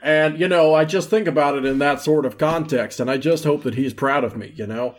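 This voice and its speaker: American man, rambling tabletop player, lots of ums and restarts. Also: a little high. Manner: rambling, halting, many fillers. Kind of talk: tabletop game chat.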